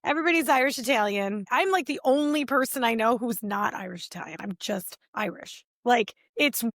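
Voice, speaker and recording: Chatty woman co-host, higher voice. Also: brisk, no room sound, studio quality. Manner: chatty, animated storytelling with quoted voices. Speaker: podcast co-host. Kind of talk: casual chat.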